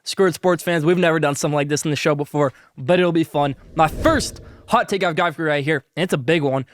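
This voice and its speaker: A man hosting a sports podcast, pitching a sponsor and giving basketball hot takes between bites of food, talking with food in his mouth at times. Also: fairly quick, no echo. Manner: hyped, salesy, talks with food in mouth. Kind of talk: sponsored hot-takes segment while eating.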